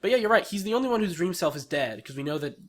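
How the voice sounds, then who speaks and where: A man hosting a podcast, chatting casually, swearing freely and acting out characters in quick quoted voices. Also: high-pitched, very animated. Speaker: podcast host. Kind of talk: casual chat.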